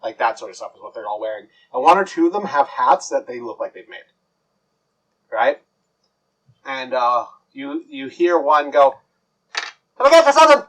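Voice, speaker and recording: A man's voice: mid-range voice, expressive, normal speed, a bit bright, rough recording. A man narrating as game master, rambling with lots of fillers and restarts.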